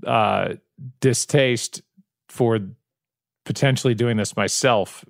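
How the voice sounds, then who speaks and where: A man co-hosting a podcast tells stories in a wry, offhand way, his voice sitting at an ordinary middle pitch. The sound is dry and close, with no room echo at all. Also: takes it slowly, gravelly. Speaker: podcast co-host. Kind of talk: casual chat.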